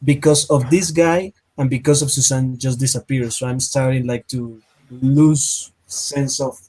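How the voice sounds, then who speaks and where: Rpg player guy, middle pitch, stumbling over words while he tells his character's moves. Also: poor audio. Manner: excitable, halting storytelling. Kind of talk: in-character tabletop play.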